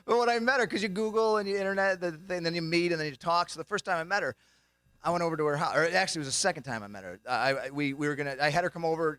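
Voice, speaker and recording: A young man with a slightly high, bright voice races through a comedy routine as a banquet speaker in a banquet hall. He tells jokey stories and acts out the voices of the people in them, captured in a clean tone with no echo.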